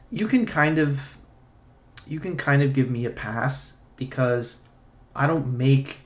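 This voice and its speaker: A young man streaming, giving casual, profane and sarcastic commentary in a ranting tone. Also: mid-range voice. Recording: roomy echo.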